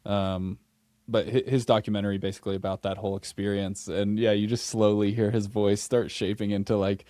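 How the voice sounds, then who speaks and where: A man hosting a podcast interview, chatting casually and laughing often with a relaxed, filler-heavy way of talking. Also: on the low side, fairly quick, no room sound, studio quality. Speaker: podcast host.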